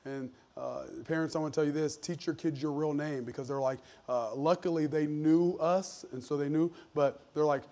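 A man in his thirties preaching a sermon in a church, shifting from loud emphasis to hushed personal storytelling. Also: on the high side, fairly even intonation, moderate pace, hardly any pauses. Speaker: pastor. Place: church sanctuary.

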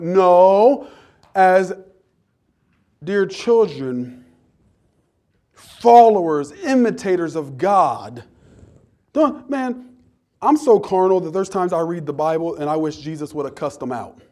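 Middle-aged preacher guy in a church, high voice, jokey, gets loud and fired up sometimes. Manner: animated, rising to shouts in acted outbursts; humorous, conversational preaching. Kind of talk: sermon.

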